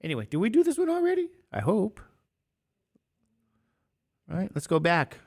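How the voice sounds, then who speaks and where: A man's voice: high-pitched, wildly swooping pitch, normal speed, vocal fry, a little mellow. A man in his fifties, a math teacher talking casually and rambling to his class between examples. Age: 50s. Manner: chatty, rambling, jokey asides to students.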